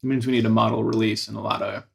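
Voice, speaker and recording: A man's voice: fairly low pitch, level tone, very fast, creaky. A man co-hosting a casual podcast chat, laid-back and wry. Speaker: podcast co-host.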